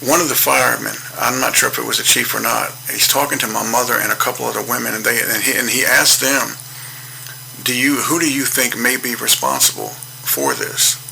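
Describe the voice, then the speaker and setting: Gravelly man telling a preachy true story. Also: medium pitch, fairly even intonation, bright, forceful tone, slight background noise, low-quality recording. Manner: earnest, preaching storyteller with repetitions and a slow, measured delivery. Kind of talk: personal testimony monologue.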